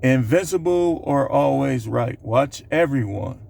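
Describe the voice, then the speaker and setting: A man's voice: medium pitch, animated, unhurried, gravelly, a little mellow. A man hosting his own channel, talking loosely to the camera as he counts down a numbered list, with plenty of fillers and asides. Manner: loose, rambling delivery with many fillers. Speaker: channel host. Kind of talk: casual vlog monologue counting down a numbered list. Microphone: camera recording himself.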